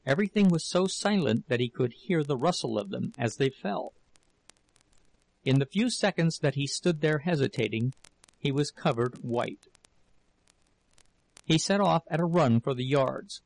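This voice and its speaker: Gravelly man narrating an audiobook. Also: a little high, no echo, low-quality recording. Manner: measured, steady storytelling.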